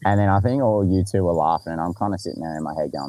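A man's voice: sits low, quick pace, few pauses, mellow, a little hiss or hum. A man with an Australian accent telling a story in casual podcast chat, laid-back, swearing freely and laughing along.

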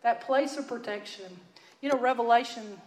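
A woman with a Texan accent preaches in a folksy, earnest storytelling way, often dropping to a hushed tone to stress a point. Her voice sits a little high. The room around her rings with a noticeable echo. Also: normal speed. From Texas. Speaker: Bible teacher. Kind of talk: sermon storytelling.

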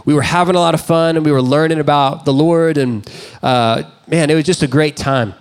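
A man's voice: on the high side, fairly quick, clear, resonant tone. A man in his thirties, a pastor, preaching a sermon in a conversational, self-deprecating storytelling way. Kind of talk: sermon with personal stories.

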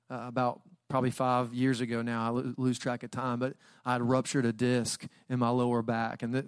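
A young adult man preaching a guest sermon in a church, telling personal stories in a casual, conversational way and now and then bursting into loud, dramatic outcries. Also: medium pitch, dry recording, clean studio sound. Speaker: guest pastor. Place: church auditorium.

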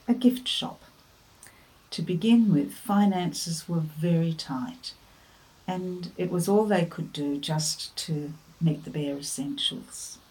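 A woman giving a devotional talk, telling a family story and offering earnest, gentle encouragement. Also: fairly low pitch, poor audio. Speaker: devotional speaker.

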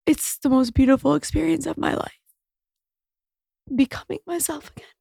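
A woman's voice: high-pitched, steady tone, normal speed, gravelly, warm tone, no room sound, clean studio sound. A woman in her thirties hosting a solo podcast, speaking in a raw, candid, emotional way and swearing freely. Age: 30s. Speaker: podcast host.

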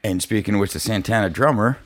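A man's voice: on the low side, fast talker. A man hosting a casual music podcast, rambling and searching for words with fillers. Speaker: podcast host. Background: album music playing.

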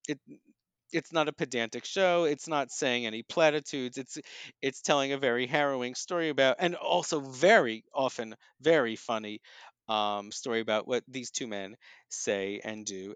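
A man reviewing plays and films in a casual chat, thoughtful and often pausing with ums and restarts. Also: medium pitch, fairly bright tone, clear, resonant tone, no echo. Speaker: theater and film critic.

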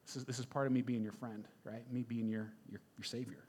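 In a flat, fast, medium-pitched delivery with a darkish, slightly rough tone, a pastor preaches his sermon. He's conversational and emphatic, often checking in with listeners by asking "right?"

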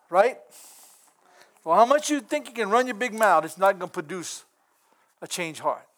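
A man's voice: high voice, fairly quick, a bit bright. A middle-aged man giving a folksy, earnest sermon, laughing often between points. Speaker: preacher.

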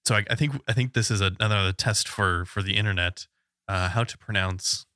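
A man's voice: lowish voice, fairly even intonation, a little fast, pushed and bright, dry recording, clean studio sound. A man co-hosting a casual podcast, teasing his partner in a wry way. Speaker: podcast co-host.

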